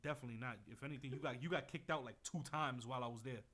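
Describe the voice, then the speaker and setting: A young man co-hosting a casual chat, telling stories loudly and with swagger, swearing freely. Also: medium pitch, racing. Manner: loud, swaggering storytelling with profanity. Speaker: co-host.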